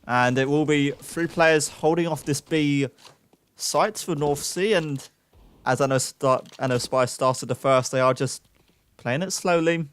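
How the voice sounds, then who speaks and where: A young man giving live play-by-play esports commentary, excitable, with self-mocking asides to chat. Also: a little high, unhurried, smooth. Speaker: esports caster.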